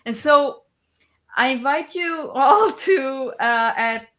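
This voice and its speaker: Woman, talk co-host, bright tense tone, hesitant with fillers. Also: high voice, animated, slow. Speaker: spiritual talk show co-host. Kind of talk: inspirational spiritual talk.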